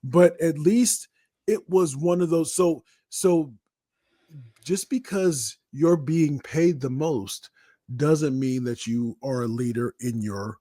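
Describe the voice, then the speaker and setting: Mellow, husky man talking sports. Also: fairly high pitch, slow pace, no room sound, studio quality. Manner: animated, repeats words, acts out little scenes. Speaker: guest sports commentator. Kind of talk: casual sports talk.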